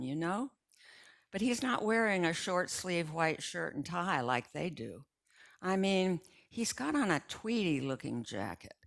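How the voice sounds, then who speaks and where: An older woman reads a short story aloud to her neighbors, telling it in a chatty first-person voice. Her voice sits low, easy and conversational. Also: vocal fry. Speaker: resident reader.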